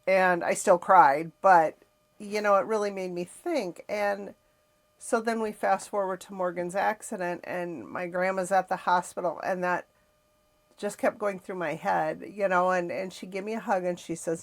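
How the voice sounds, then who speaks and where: A woman's voice: fairly low pitch, steady tone, moderate pace. A middle-aged woman hosting a podcast, telling a personal family story in a reflective, emotional way with frequent sighs. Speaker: podcast host.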